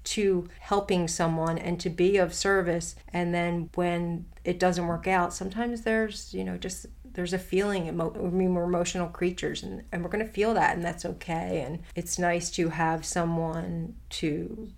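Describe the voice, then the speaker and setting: Lower-voiced woman co-hosting a reflective chat. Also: fairly even intonation, normal speed, creaky, few pauses. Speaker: podcast co-host. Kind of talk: casual conversational chat.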